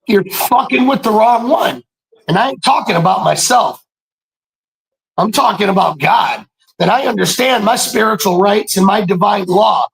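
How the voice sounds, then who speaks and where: A man telling stories in a casual monologue, animated and preachy, swearing freely and often breaking into shouts. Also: high-pitched, vocal fry, low-quality recording. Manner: profane, streetwise slang. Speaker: podcast speaker.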